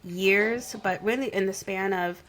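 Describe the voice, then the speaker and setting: A woman's voice: mid-range voice, measured pace, a bit bright. Bubbly woman podcast co-host. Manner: bubbly, gushing reactions. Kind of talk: casual chat.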